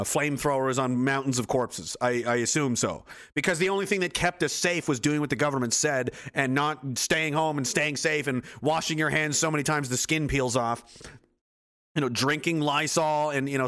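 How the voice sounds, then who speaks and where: Dude on a livestream, swears a lot, sarcastic and rambly, mid pitch. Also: male voice, fairly bright tone. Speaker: livestream host. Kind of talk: casual livestream chat.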